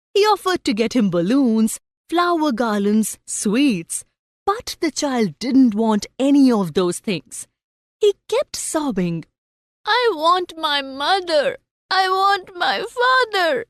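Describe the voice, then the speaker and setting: A woman teacher reads a storybook aloud slowly and with an animated, rising and falling voice. Her voice sits a little high, and the recording is dry and close with no room sound. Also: dry recording. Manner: slow, expressive storytelling. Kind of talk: storybook narration and lesson.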